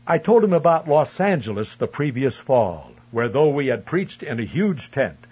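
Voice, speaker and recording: A man reading a first-person memoir aloud in a measured, earnest storytelling manner. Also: fairly high pitch, a little mellow, breathy edge, highs cut off. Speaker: narrator. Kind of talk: scripted memoir narration.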